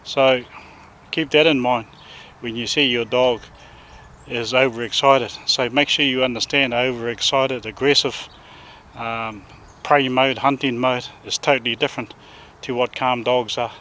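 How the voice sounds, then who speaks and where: A man's voice: mid-range voice, a little slow, a little hiss or hum. Kiwi man talking dogs outdoors. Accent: New Zealand. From New Zealand. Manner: relaxed, chatty, calls loudly to his dog. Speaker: dog trainer. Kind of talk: casual outdoor vlog talk.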